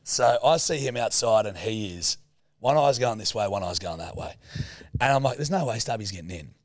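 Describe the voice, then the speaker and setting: The co-host, an Australian in his thirties, talks a little fast with lively intonation and a voice on the low side. His rowdy story comes packed with swearing and voiced impressions of its characters. Clean studio recording, no room sound.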